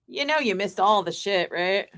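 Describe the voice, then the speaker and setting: A woman's voice: mid-range voice, animated, normal speed, fairly bright tone, no room sound. A woman in her fifties hosting a casual chat, talking in a blunt, profane and sarcastic way. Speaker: host.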